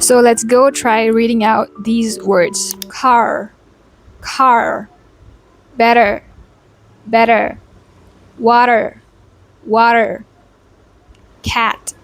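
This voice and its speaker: A woman with an Indian English accent teaching a pronunciation lesson, drilling sounds and repeating practice words one at a time. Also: on the high side. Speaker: accent tutor. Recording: music playing behind.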